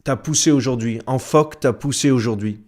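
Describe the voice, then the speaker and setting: A young man streams a live football watchalong in a mid-range voice. He chats loosely with his viewers, calling them bro, then erupts into loud, high shouting at a goal. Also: fairly quick. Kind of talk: live watchalong commentary and chat.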